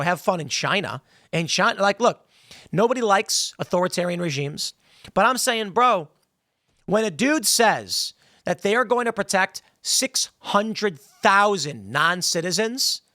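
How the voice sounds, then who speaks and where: This man's high, sharp-toned voice comes through clean studio sound without any room echo. He hosts a political commentary podcast, speaking in a heated, emphatic way and mimicking people mockingly when he quotes them.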